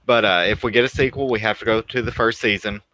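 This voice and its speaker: A man hosting a casual podcast, laying out the rules of a segment in a relaxed way. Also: lowish voice, quick pace, dry recording, rough recording. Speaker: podcast host. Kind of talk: casual chat.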